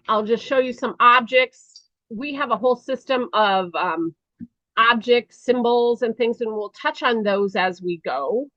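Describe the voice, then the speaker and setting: A middle-aged woman leads a training session, her voice sitting fairly high as she explains slowly and earnestly, pausing on ums. The recording is dry and dull, with a muffled lo-fi sound. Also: fairly bright tone, no echo. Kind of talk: conference presentation.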